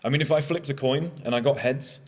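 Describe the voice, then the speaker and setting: A man's voice: mid-range voice, fast. Blunt, swearing man speaking in reverb. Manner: candid and blunt, swears freely. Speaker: motivational speaker. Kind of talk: motivational monologue.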